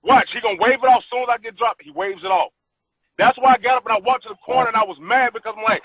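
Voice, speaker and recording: Over the same tinny phone line, the boxer keeps arguing as a call-in guest, furious and profane and refusing to give up his point. Here his voice is very high-pitched and rapid-fire, and the recording sounds dry.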